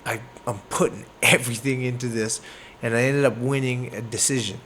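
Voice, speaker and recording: A man from Canada, a boxer in his thirties, telling a fight story in a casual podcast chat. His voice sits at a middle pitch, and he talks in an animated way, acting out the blows with sound words. A faint hiss of noise runs behind him. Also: brisk. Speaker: boxer guest.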